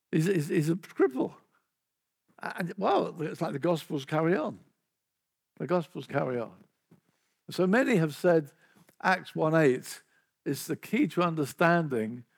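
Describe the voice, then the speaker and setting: A man's voice: fairly high pitch, creaky, husky, no echo, studio quality. An older man preaching a sermon, telling his story earnestly and often restarting his sentences.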